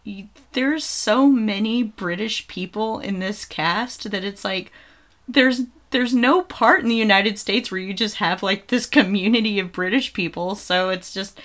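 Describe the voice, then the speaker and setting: A woman's voice: mid-range voice, unhurried, fairly bright tone. A woman co-hosting a podcast, chatting casually about films with frequent ums. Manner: chatty, nitpicking, many ums. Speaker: podcast co-host. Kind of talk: casual film chat.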